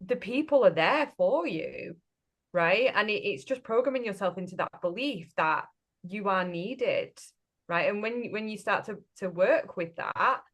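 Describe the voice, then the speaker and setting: A woman coach talks on a relaxed podcast at a middling pitch. She is direct and blunt and keeps checking in with the listener as she makes her points. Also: a little slow. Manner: direct and blunt, often tags statements with "right?". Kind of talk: casual spiritual business chat.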